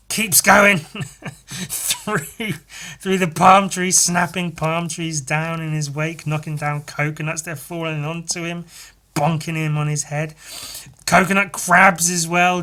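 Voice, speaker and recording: A man hosting a podcast, casually retelling a picture story in an animated, sweary, laughing way. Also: fairly high pitch, slow. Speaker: podcast host.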